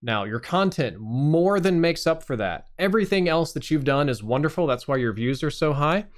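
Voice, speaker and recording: A man's voice: a little high, lively intonation, normal speed. A man hosting a live stream, reviewing channels with blunt, casual and sometimes profane critique.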